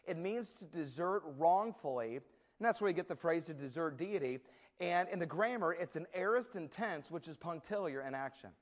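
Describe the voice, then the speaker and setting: A man's voice: fairly high pitch, moderate pace. A man pastor giving a sermon, telling humorous stories and acting out the scenes. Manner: humorous storytelling, lively acted asides.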